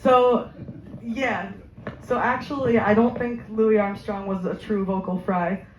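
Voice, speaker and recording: A woman speaks slowly and chattily as she answers audience questions about voice care, often laughing and filling pauses with ums. Her voice echoes around a roomy space, the recording a little dull with faint ambient noise behind her. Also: mid-range voice, steady tone. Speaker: voice therapist giving a talk. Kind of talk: informal Q&A presentation. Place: community room at a senior living center.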